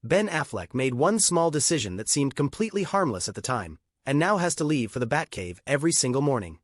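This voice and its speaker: A man's voice: medium pitch, big pitch swings, brisk. A man giving scripted narration with a punchy, setup-style delivery.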